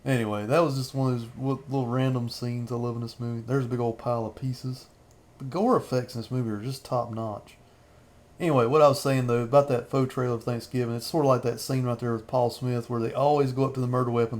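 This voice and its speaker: A man's voice: medium pitch, a little mellow. A man in his thirties rambling through a casual film commentary as a channel host, chuckling often between remarks.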